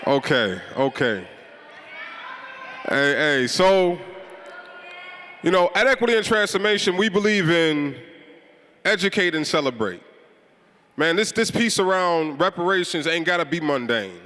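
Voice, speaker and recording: Man, Chicago accent, event host, high bright voice, rallying a crowd. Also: a little hiss or hum. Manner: energetic call-and-response with the crowd. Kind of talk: hyping a live crowd. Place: large event hall. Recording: reverberant hall.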